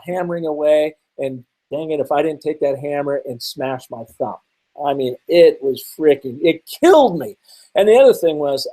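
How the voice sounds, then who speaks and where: A middle-aged man from the Seattle area teaching a webinar, telling stories and asking rhetorical questions with lively energy. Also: fairly high pitch, low-quality recording. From Seattle, Washington area. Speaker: webinar presenter.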